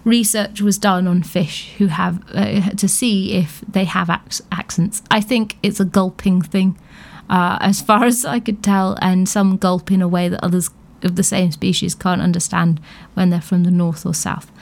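A woman's voice: on the low side, steady tone, a little slow, creaky. A British woman hosting a radio show, chatting casually about science news with amused asides and lots of fillers. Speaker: radio host.

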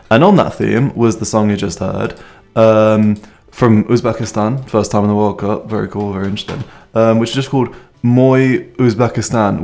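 A man's voice: fairly low pitch, vocal fry, a little mellow. A man presenting a music radio show, chatting between songs in a rambling, self-mocking way with many fillers. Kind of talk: casual music show links.

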